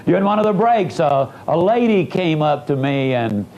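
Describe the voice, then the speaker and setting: Dramatic, higher-voiced male motivational speaker. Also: very animated, lo-fi sound, a little hiss or hum. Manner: sweeping swings in pitch and loudness, slowing for emphasis. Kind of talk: dramatic storytelling speech.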